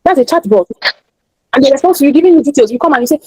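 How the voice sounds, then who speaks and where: A woman's voice: sits high, lively intonation, rapid-fire, warm tone, breathy edge, no room sound, poor audio. A Nigerian woman teaching an online class, emphatic and motivational, often repeating her key points.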